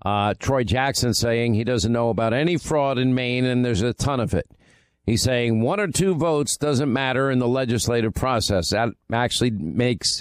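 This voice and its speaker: A political talk radio host, a man with a mid-range voice, punches through an ad read and monologue with emphatic repetition. He's recorded in a radio studio on a close mic, the sound dry and free of echo.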